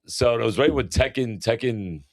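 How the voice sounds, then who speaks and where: A man's voice: mid-range voice, normal speed, no echo, clean studio sound. A man co-hosting a podcast, telling a crude story in casual chat and acting out quotes in a raised voice. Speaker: podcast co-host.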